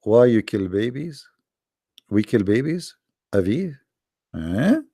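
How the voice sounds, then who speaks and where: A man's voice: mid-range voice, sing-song, takes it slowly, mellow, no room sound, studio quality. A man hosting a live call-in debate in a mocking, sarcastic way, his voice worn out from talking for hours. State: tired, worn-out voice.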